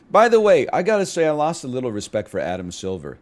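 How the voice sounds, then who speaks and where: Very animated and quick, this young gamer has a voice on the high side. He chats casually as he plays, joking, drifting into riffs and letting out mock screams.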